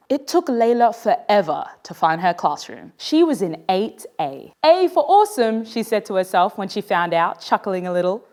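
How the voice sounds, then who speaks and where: A woman author reading her own children's story aloud in a playful, expressive way. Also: medium pitch.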